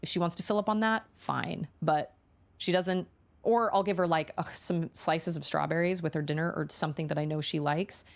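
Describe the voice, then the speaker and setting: A woman streamer chatting casually with her viewers, a lively storyteller who acts out the lines she quotes. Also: deep voice, normal speed.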